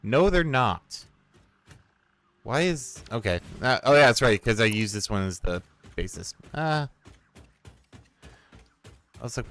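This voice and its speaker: A man chatting casually and rambling while playing a game, swearing freely and getting excited. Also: medium pitch, unhurried, pauses often, a little hiss or hum. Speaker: streamer and storyteller.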